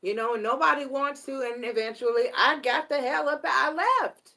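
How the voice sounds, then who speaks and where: A middle-aged woman giving a casual live tarot reading, blunt and animated and swearing freely. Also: sits high, moderate pace, creaky. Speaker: tarot reader.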